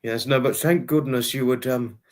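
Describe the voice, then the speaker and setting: Guy rambling on his livestream, saying hi to chat folks, mid-pitched voice. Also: steady tone, moderate pace. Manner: chatty, rambling, greets viewers by name. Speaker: livestream host.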